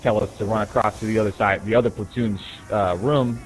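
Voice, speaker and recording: A man's voice: lowish voice, steady tone, fairly quick, poor audio. A man casually telling profane, rambling stories while gaming, often tossing in "right?". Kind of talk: casual storytelling.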